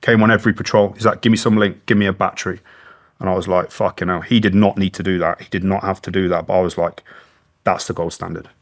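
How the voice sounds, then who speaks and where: A man's voice: sits low, level tone, fast talker. A middle-aged British man, a former soldier, telling war stories bluntly and emotionally in an interview, swearing heavily. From Britain. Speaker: guest, former special forces soldier. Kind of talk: candid interview storytelling.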